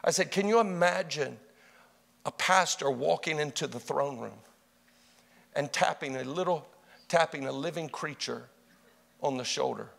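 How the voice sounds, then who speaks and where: High-voiced man preaching in a reverberant hall. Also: unhurried, vocal fry, pauses often. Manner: swings from hushed to shouting. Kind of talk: sermon.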